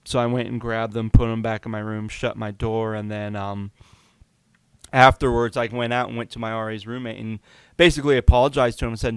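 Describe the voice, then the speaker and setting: A man's voice: fairly low pitch, little pitch movement, brisk, clean tone, no room sound. A man hosting a podcast, telling a candid personal story in a confessional, conversational way with many fillers. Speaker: podcast host.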